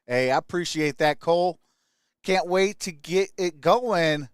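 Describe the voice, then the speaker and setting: A young adult man from Michigan hosting a casual sports live stream, greeting chat viewers by name with upbeat shout-outs. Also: a little high, measured pace, smooth, dry recording, studio quality.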